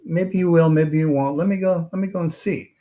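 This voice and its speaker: A man voicing a calm, kindly wandering meditator in a spoken parable, talking in an easygoing, chatty way. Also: fairly high pitch, brisk, voice pushed up, lightly acted.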